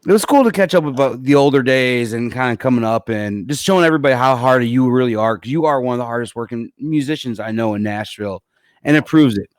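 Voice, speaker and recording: A relaxed man hosts a live-streamed music podcast in a loose, chatty way. His voice sits at an ordinary pitch and sounds dry and close, with no room around it. He rambles a little and keeps it friendly and informal. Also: quick pace, clean tone, no echo. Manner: easygoing, rambling, calls people man and dude. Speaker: podcast host. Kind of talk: casual live-show chat. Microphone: computer setup for a live stream.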